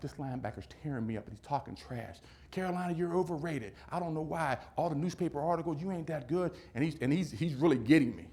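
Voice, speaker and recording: A man giving a keynote speech, telling a personal story in an animated, dramatic way and repeating key phrases for emphasis. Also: medium pitch. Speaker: keynote speaker. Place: event hall at a business summit.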